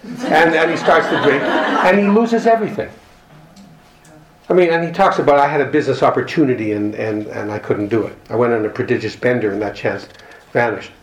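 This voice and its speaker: A man's voice: medium pitch, a little fast. Earnest man in a roomy hall. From Canada. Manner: earnest, reflective storytelling with wry humor. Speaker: speaker at a recovery group meeting. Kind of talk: personal talk reading from a book.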